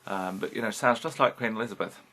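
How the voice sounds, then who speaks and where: A man's voice: lowish voice, quick pace, pushed and bright, slight background noise. A British man in his fifties talking frankly in a rambling personal vlog, swearing casually as he goes. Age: 50s. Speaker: vlogger. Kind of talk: candid personal vlog monologue.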